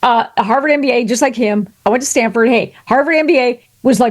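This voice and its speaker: An animated woman telling stories as a podcast guest. Her voice sits fairly high and swings widely in pitch, and she fills her talk with quick jokes and asides. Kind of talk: lively conversational interview.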